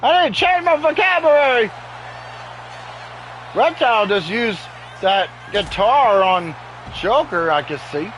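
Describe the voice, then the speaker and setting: A man giving excitable play-by-play commentary over a wrestling video game at home, often exclaiming in alarm. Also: high voice, a little slow, long pauses, a little hiss or hum, low-quality recording. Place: home with sleeping dogs nearby.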